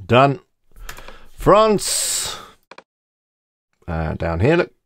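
Low gravelly man walking through a tutorial. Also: animated, normal speed. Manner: casual, thinking aloud while clicking through. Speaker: tutorial host. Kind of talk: screen-recorded software tutorial.

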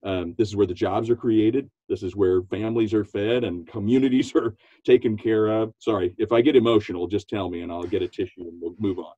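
This is a man talking business on a podcast with real enthusiasm, laughing easily and slipping into quoted voices. His voice sits low and mellow. The sound is dry and a little lo-fi, like a remote recording. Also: brisk, hardly any pauses, dry recording. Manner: animated, laughs often, acts out quotes in a high voice. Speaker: podcast guest, business coach. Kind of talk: enthusiastic interview talk.

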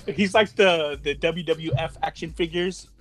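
A man with a high voice chats on a podcast, swearing freely and getting excited as he jokes around. A faint bed of music sits underneath him. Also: a little slow. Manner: profane, excitable, joking. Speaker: podcast co-host. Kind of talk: casual chat.

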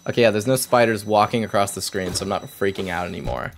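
A man's voice: lowish voice, fast, hardly any pauses. A young man streaming a game live, talking to himself in jumpy, nervous chatter and swearing often. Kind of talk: live gameplay commentary.

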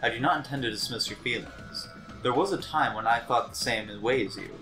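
A man acts out a haughty rich heir who lays down promises with calm authority. The tone is bright and forceful, with faint music underneath. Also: medium pitch, brisk, natural voice. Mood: stern. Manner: calm, lofty, declarative. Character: haughty rich young male heir, commanding and composed. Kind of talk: let's play voice acting.

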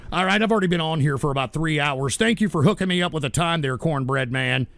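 A man hosting a live show, ranting angrily and profanely at his chat and breaking into shouts. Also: on the high side, fast, no room sound. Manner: angry, profane, bursts into shouting. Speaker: livestream show host.

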